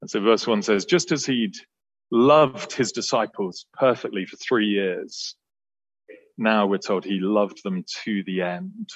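A man with a low voice preaches an earnest, expository sermon. His lines build in emphasis and then drop quiet. The sound is dry and slightly muffled. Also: unhurried, no room sound.

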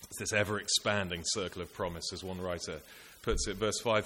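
A man's voice: sits low, fairly even intonation, a little fast, hardly any pauses, pushed and bright. A man preaching a sermon, earnest and rhetorical, building his points through repetition and lists. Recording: echoey hall with faint hiss.

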